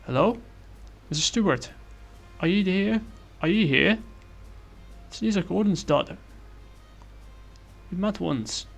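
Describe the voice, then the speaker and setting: An anxious young woman calls out into a dark lighthouse, as a man reads her lines from a comic in a lifted voice. The voice sits well above his own, loud and strained, with a gravelly edge underneath. Faint music plays behind. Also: high voice, lively intonation, unhurried, long pauses, pitched above the performer's own voice, heavily acted. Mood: calling anxiously. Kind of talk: reading a comic aloud.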